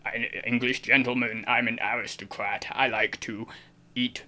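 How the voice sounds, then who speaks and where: Bloke doing a posh low english toff, slow and plummy. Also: male voice, flat delivery, pushed and bright. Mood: snooty. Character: snooty male English aristocrat.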